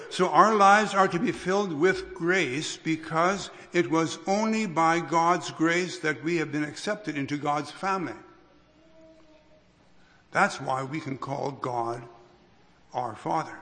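A man preaching a sermon as a pastor, unhurried, with restarts and careful emphasis. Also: fairly high pitch, bright, forceful tone. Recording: long reverb of a hall.

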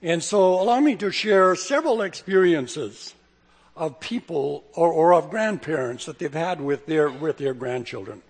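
An older male pastor delivers a sermon with a relaxed, folksy, joke-telling manner. His voice sits a bit high for a man. It rings out with a long hall reverb, like a church sanctuary. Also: measured pace, breathy edge. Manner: folksy, chuckling storyteller. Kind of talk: sermon with humorous stories.

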